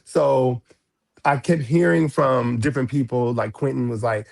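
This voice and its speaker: A man telling a story as a podcast guest, frank and animated, with cursing and sudden high jumps in pitch when he quotes people. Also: measured pace, creaky. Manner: frank, swears freely. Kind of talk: storytelling in a casual interview.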